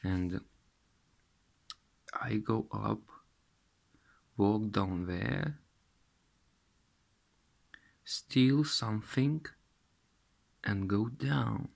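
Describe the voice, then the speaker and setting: Man, low gravelly voice, very slow, halting broken english, casual dream retelling. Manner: halting non-native English, many restarts. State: tearful, weeping while retelling.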